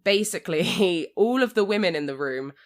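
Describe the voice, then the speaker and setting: Woman, low voice, animated laughing storyteller, casual podcast co-host. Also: normal speed. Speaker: occasional co-host.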